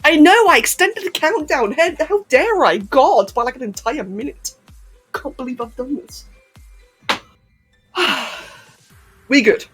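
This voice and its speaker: A woman's voice: high-pitched, expressive, measured pace, long pauses, fairly bright tone, faint music behind. A woman chatting casually on a live stream, hyper and giggly, answering chat messages as she goes.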